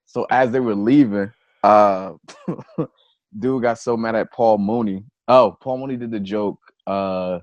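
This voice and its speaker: Male comedian guest, deep-ish, dry close mic, relaxed profane storyteller. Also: slow, dry recording, highs cut off. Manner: loose, profane anecdote telling. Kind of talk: casual podcast storytelling.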